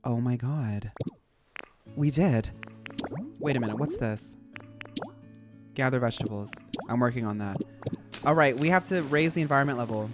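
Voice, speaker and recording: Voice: mid-range voice, moderate pace, pauses often, music in the background. A streamer with an American accent chatting casually and giggling through a game livestream, with lots of filler words.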